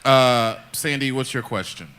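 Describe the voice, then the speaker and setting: Bright-voiced joking game show host. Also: male voice, mid-range voice, a little slow, clean tone. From Chicago. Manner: playful, teasing, laughs often. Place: live event with audience.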